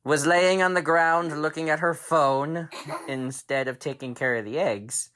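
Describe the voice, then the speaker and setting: Brief: storytelling dad, slow dramatic delivery, bright forceful tone, throws in sound effects. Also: male voice, fairly high pitch. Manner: animated, with sound effects and drawn-out pauses. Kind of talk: bedtime story told aloud to a child.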